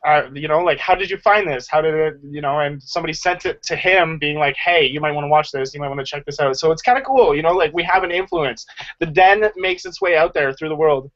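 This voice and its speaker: Chatty man, slightly high, lo-fi call. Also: brisk, a bit bright. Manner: chatty, jokey, lots of fillers. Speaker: channel co-host. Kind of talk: casual group video chat. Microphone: video call. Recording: lo-fi video call audio.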